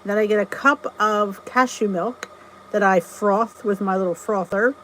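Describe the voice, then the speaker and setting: A woman's voice: medium pitch, unhurried, a bit bright, a little hiss or hum, low-quality recording. A middle-aged woman hosting a casual live stream, chatting and greeting viewers by name, often laughing at herself. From New Jersey. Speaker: channel host.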